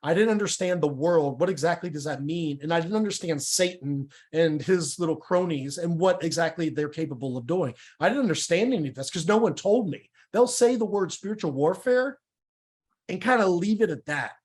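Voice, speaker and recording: Candid man telling his testimony, higher voice. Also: animated, brisk, darkish tone. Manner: candid, emotional, stumbles and repeats words. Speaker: guest sharing his testimony. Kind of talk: conversational testimony interview.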